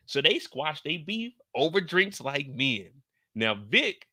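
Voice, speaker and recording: Male recap host, loose and cussing, jokes to the audience; forceful bright tone, dead-dry sound. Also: fairly high pitch, very animated, takes it slowly, no room sound. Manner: profane, joking, addresses viewers directly. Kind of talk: casual episode recap commentary.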